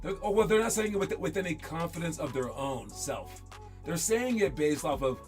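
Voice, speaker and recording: A man's voice: on the high side, lively intonation, moderate pace, faint music behind. A man, a basketball coach, giving a casual motivational talk, rambling and repeating words as he acts out what others say.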